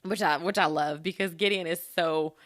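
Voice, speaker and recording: Her voice sits fairly low and sounds a bit bright, with a steady tone and ordinary pace. As the host of a relaxed solo podcast, she's chatty and giggly and speaks directly to the audience.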